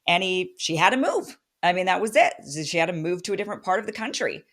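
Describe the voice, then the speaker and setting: A woman host with a fairly low voice talks earnestly and reflectively, thinking as she speaks. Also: expressive, fast, fairly bright tone. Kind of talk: casual interview.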